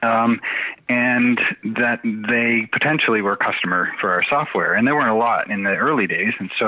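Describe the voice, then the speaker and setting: A middle-aged man from New Brunswick, Canada, a guest telling anecdotes in a lively way, full of "you know" fillers. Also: on the low side, fairly quick, dry recording, muffled recording. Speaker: podcast guest, tech CEO. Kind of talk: conversational storytelling.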